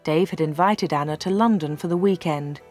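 A woman reading a storybook aloud as narrator, slow and clear, voicing the dialogue. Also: low voice, darkish tone, soft background music.

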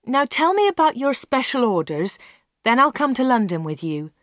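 A woman narrator voicing a shrewd young village woman in a storybook reading, with a higher, eager voice. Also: sing-song, normal speed, dry recording, studio quality. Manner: bright, higher, eager questioning.

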